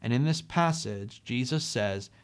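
Expressive man preaching a sermon. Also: mid-range voice, measured pace, clear, resonant tone. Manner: expressive, emphatic, drops soft on key phrases.

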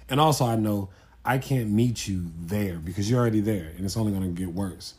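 A man co-hosting a podcast, talking in a calm, measured way in a casual chat. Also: lowish voice. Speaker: podcast co-host.

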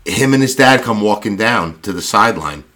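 A man hosting a casual chat over a video call, telling animated stories and acting out loud quotes with frequent laughter. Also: lowish voice, moderate pace. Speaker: podcast host and youth football coach.

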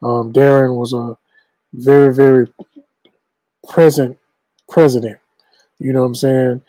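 A man co-hosting casual sports talk in an animated, playfully indignant way. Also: medium pitch, measured pace, no echo, rough recording. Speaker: co-host.

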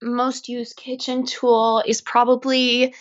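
A woman from Los Angeles, a fitness instructor, chatting on a podcast in an upbeat, animated way. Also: fairly high pitch, slow, highs cut off. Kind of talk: casual podcast chat.

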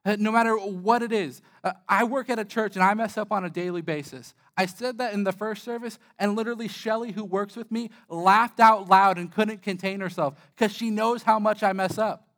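A man's voice: high-pitched, fairly even intonation, normal speed, few pauses, a bit bright. A young man, a church pastor, giving a sermon in a candid, self-deprecating, conversational way, with frequent "uh" fillers.

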